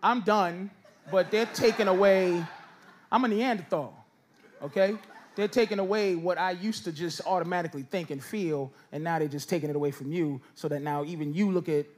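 A man doing loud, teasing stand-up crowd work on a comedy stage. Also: sits high, moderate pace. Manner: loud, teasing, riffing with the audience. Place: comedy stage before a live audience. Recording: noisy live show with crowd laughter.

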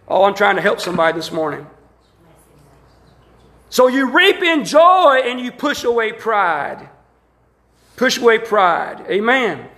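A man with a Southern accent preaching a fervent sermon in church, shouting and calling out to the congregation. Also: sits high, big pitch swings, unhurried, long pauses. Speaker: pastor. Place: church sanctuary. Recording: roomy echo of a church hall.

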